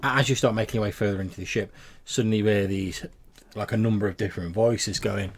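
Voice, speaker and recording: A man's voice: lowish voice, steady tone, fast, husky. A man narrating a tabletop game as game master, rambling with lots of fillers and restarts.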